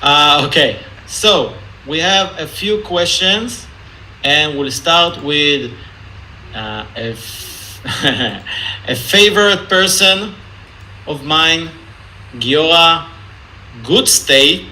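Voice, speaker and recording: A man's voice: on the high side, animated, very slow, bright, forceful tone, a little hiss or hum, rough recording. A man with an Israeli accent, hosting an online Q&A in a joking, hesitant way and reading out audience questions. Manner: jokey, hesitant, reads out questions. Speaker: meetup Q&A moderator. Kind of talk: casual online Q&A. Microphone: video call.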